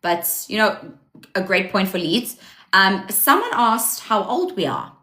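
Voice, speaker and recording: Bright-voiced South African woman co-host. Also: medium pitch, sing-song, measured pace. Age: 20s. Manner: chatty, playful, laughs often. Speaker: podcast co-host. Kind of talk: casual football podcast chat. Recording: roomy echo.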